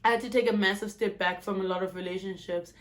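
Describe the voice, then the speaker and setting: A South African woman in her twenties, talking frankly and with profanity in a candid personal vlog, telling her story in an animated way. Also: medium pitch, fast talker. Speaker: YouTuber.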